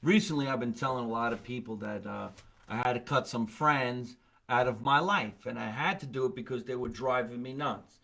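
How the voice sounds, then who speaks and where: A man's voice: medium pitch, normal speed, vocal fry, sharp tone. Blunt, profane male comedy podcast host. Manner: blunt, profane, rambling storytelling. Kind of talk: casual comedic chat.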